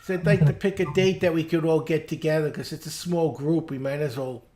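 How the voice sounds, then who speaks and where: A woman's voice: deep voice, steady tone, fairly quick, dark tone. A woman leading a small club's business meeting over a video call, talking informally and hesitantly as she checks her calendar aloud. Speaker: club meeting leader.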